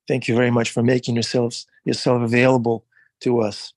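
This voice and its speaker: A man with a gravelly voice moderates a devotional class, passing on questions and closing with warm, effusive thanks. His sound is dry and close. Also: mid-range voice, monotone, fairly quick, no room sound.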